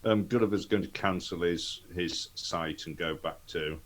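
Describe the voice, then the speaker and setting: Male tabletop player, very low voice, matter-of-fact. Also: a little slow, fairly bright tone. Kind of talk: tabletop game play.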